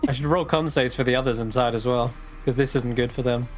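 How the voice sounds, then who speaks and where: A man's voice: mid-range voice, fast talker, soft background music. Easygoing male dungeon master. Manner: relaxed, rambling narration with fillers. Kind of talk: narrating a tabletop game.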